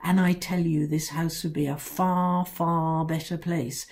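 A woman reading a storybook, voicing a furious, grumpy father who snarls his words slowly. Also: low voice, flat delivery, darkish tone. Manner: snarling, slow and heavy.

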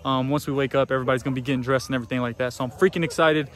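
A young man with a twang, chatting excitedly to camera as a vlogger, saying y'all a lot. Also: mid-range voice, very fast. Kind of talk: casual vlog narration. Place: outdoors at a farm and indoors at a venue. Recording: noisy handheld camera audio.

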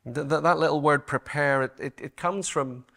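Earnest male preacher with a fairly high voice. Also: normal speed, vocal fry, bright, forceful tone. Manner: earnest, emphatic, repeats words for stress. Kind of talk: sermon. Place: conference hall.

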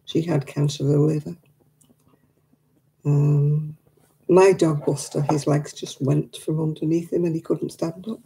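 Gravelly-voiced woman chatting to live viewers. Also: low voice, little pitch movement, a little slow, pauses often, dark tone, poor audio. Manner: chatty, reads and answers viewer comments; emotional about her late dog. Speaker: craft livestream host. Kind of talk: casual chat with live viewers.

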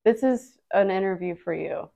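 A woman's voice: medium pitch, normal speed, creaky, dark tone. A young adult woman hosting an interview, blunt and sarcastic in casual banter. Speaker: interviewer host.

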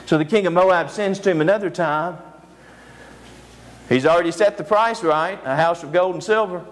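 A man's voice: sits high, normal speed, poor audio. A male preacher giving a sermon lecture, telling a story animatedly with humorous asides.

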